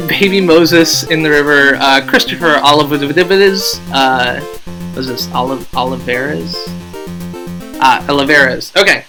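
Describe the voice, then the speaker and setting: A man's voice: on the high side, measured pace, over music, poor audio. A man hosting a casual game live stream, rambling, joking at his own expense and reading out viewer names.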